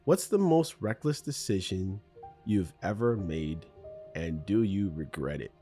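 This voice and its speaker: A man's voice: low-pitched, animated, unhurried, mellow, faint music behind. A middle-aged Canadian man hosting a solo podcast, telling personal stories in a rambling, self-correcting way with ums and laughs. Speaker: podcast host. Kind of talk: unscripted solo podcast monologue.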